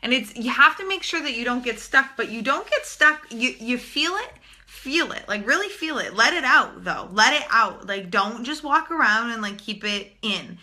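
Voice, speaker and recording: A woman's voice: fairly high pitch, animated, moderate pace, sharp tone. A young woman talking casually and bluntly to viewers in a live stream, swearing freely as a spiritual channeler.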